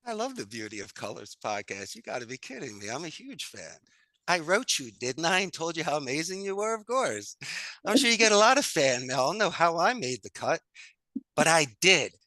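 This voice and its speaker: A call center owner appears as a podcast guest in a conversational interview, sounding upbeat, very animated and fairly quick. His voice is bright, forward and a little high, and he leans on folksy sayings and easy humor. The recording is dry and close, with no room sound at all.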